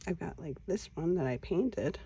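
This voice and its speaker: A woman hosting a casual crafting vlog, talking quietly to herself as she works. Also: lowish voice, lively intonation, moderate pace, a little hiss or hum. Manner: quiet, mutters to herself while working. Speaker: crafting channel host.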